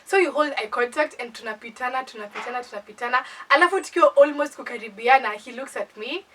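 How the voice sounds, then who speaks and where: A woman's voice: sits high, quick pace, far from the mic, a little hiss or hum, poor audio. A young Kenyan woman with a Kenyan accent, animatedly telling a playful storytime in a casual chat. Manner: animated, playful, dramatizes with acted asides.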